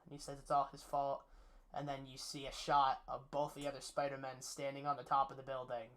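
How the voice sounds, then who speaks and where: A man with a mid-range, slightly bright voice talks fairly quickly in a completely flat delivery. He's a movie reviewer casually recapping a film's plot, spoilers included, rambling eagerly and enthusiastically with plenty of fillers.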